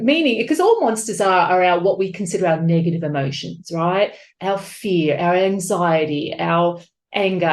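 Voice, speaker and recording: A woman author being interviewed on a podcast, talking openly and with feeling, acting out voices as she tells stories. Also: mid-range voice. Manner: open, emotional, animated storytelling. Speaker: author guest. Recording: echoey room.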